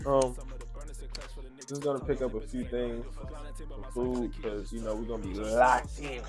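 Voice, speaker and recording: A man's voice: medium pitch, flat delivery, unhurried, over music. A young man, chatting casually in a vlog with a laid-back, slangy way of talking. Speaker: vlogger.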